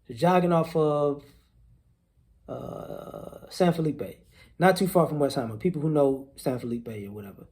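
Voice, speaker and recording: A man's voice: a little high, darkish tone. A man delivering an indignant casual monologue, repeating words as he builds his point. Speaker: commentator.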